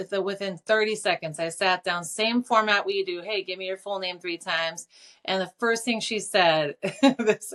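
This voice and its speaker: A middle-aged woman telling her story as an interview guest, animated and casual, with lots of fillers and free swearing. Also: lowish voice. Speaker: clairvoyant and teacher, guest.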